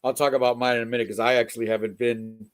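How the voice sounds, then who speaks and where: A man's voice: mid-range voice, level tone, fast. A man hosting a casual talk show, chatting and joking asides to the audience. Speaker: host. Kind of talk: casual chat.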